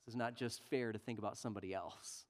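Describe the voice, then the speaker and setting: A man preaching a sermon earnestly, dropping to near-quiet and rising loud for emphasis. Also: on the low side, steady tone, fast talker.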